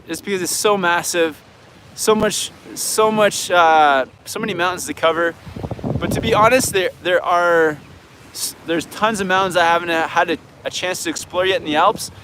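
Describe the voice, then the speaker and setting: A snowboard coach and channel host with a Canadian accent runs a live viewer Q&A, speaking in a high voice at a moderate pace. He's easygoing and frank, thinking aloud, against a noisy background.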